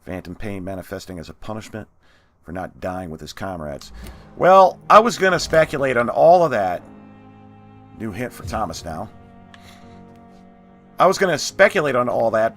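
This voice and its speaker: A man's voice: medium pitch, fairly bright tone. A man hosting a let's play, giving casual gameplay commentary with chatty, half-muttered asides.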